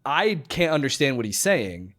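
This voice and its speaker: A man's voice: mid-range voice, big pitch swings, moderate pace, fairly bright tone. A man guesting on a podcast, giving wry, joking commentary in casual chat, reading from his notes.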